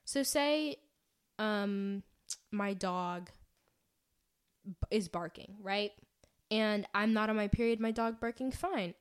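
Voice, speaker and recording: A woman's voice: medium pitch, slow, long pauses, clean tone. A young woman co-hosting a casual chat podcast, talking animatedly and retelling things dramatically with lots of "like". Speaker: podcast co-host.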